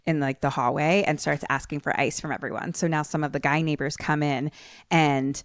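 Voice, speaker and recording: A young adult woman co-hosting a podcast, retelling a film plot in a casual, animated way. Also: low-pitched, a little fast, dry recording, studio quality. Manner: animated storytelling, acts out quoted lines. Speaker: podcast co-host.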